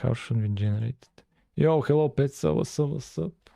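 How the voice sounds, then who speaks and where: A man's voice: mid-range voice, normal speed, gravelly, dark tone, no room sound. A man with a French-tinged accent, streaming while coding and chatting casually with viewers, full of fillers and loose asides. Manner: rambling, filler-heavy, chats with viewers. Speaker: game-dev streamer.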